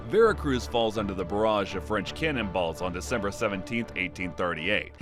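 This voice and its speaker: Joking guy narrating a cartoon history video, voice bouncing up and down, music playing behind. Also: lowish voice. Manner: jokey, punning, playful. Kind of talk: scripted comedic history narration. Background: background music.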